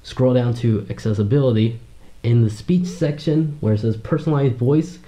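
A man's voice: mid-range voice, normal speed, dark tone. A man casually explaining phone tips in a chatty voice-over. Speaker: tech YouTuber.

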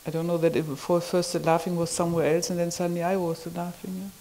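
A woman recalling a personal experience in conversation, halting and marvelling, often ending phrases with a questioning "yeah?". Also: on the low side, little pitch movement, warm tone, slight background noise, low-quality recording. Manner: wondering, marvelling delivery. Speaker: community member sharing an experience.

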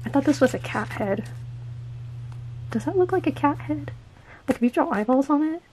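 A young woman chatting casually as she unpacks planner stickers, gushing and excitable, sometimes dropping to a soft whisper. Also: sits high, moderate pace, a little hiss or hum, poor audio. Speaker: planner vlogger. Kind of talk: casual unboxing chat.

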